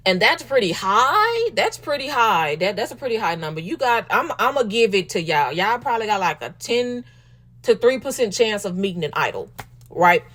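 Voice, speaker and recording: Sassy and animated, this woman hosts a casual commentary podcast in a Southern US accent, addressing her audience as y'all and baby. She speaks with a medium pitch.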